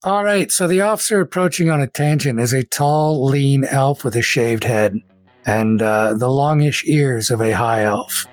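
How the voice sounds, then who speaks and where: A man runs a tabletop game, setting scenes in a relaxed, rambling way with plenty of fillers. His voice sits mid-range for a man. Soft music plays beneath him. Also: medium pitch, moderate pace, no room sound. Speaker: game master.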